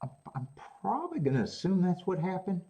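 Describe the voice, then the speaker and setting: A man's voice: sits high, wildly swooping pitch, brisk, dark tone, dull audio. A man hosting a live horse racing stream, musing aloud about betting odds and chatting casually with his viewers. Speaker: horse racing show host.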